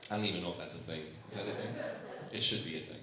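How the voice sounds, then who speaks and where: A man's voice: low-pitched, fairly even intonation, rapid-fire, heavy background noise. A man preaching a sermon as pastor, conversational and humorous, often acting out the voices he quotes. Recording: echoey room.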